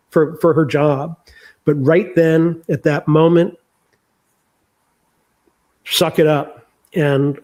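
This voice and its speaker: A man's voice: fairly high pitch, a little mellow. An older man speaking candidly and reflectively as an interview guest, sharing his memories. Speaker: author guest.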